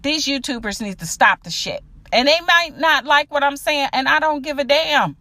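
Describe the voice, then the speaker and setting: A woman's voice: high voice, animated, normal speed, sharp tone, no echo. A woman hosting her own podcast, delivering a blunt, profane opinion monologue straight to her listeners. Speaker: podcast host.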